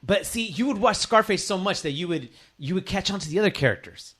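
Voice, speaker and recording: Uomo, comico, voce squillante, molto espressiva, ride spesso, parolacce. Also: male voice, sits high, animated, a little fast, fairly bright tone, breathy edge. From Northern California. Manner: laughing, profane, does movie-quote voices. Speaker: comedian guest. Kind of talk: casual podcast chat.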